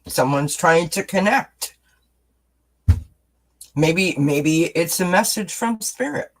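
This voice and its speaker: Speaking slowly in a mid-range, animated voice over a low-quality recording, a tarot reader gives a casual reading on a live stream. She is chatty and encouraging, answers comments from the chat, and drops self-deprecating asides between cards.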